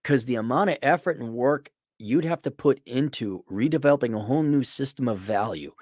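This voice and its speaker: A man's voice: medium pitch, brisk, a little mellow, no echo, studio quality. A middle-aged man delivering a sarcastic, ranting opinion monologue as a podcast host. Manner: sarcastic, ranting, mocking voices.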